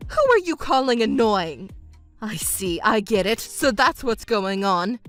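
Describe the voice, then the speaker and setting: A woman's voice: big pitch swings, unhurried, a bit bright, faint music behind. A woman voicing a selfish, whiny middle-aged stepmother who pleads and complains in a texting story. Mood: indignant. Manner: shrill, pleading and self-pitying.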